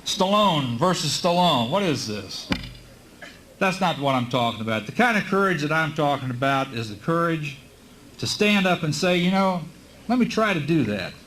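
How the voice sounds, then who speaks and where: A man giving a high school commencement speech at a podium microphone, telling stories folksily with frequent filler pauses. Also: big pitch swings, a bit bright, slight background noise, low-quality recording. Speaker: commencement speaker. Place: high school graduation ceremony.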